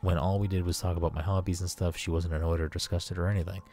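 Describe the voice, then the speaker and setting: A man reading the lines of an excitable, melodramatic young male otaku character during a game playthrough. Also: low-pitched, quick pace. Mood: pleading. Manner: melodramatic, pleading. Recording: faint game music behind.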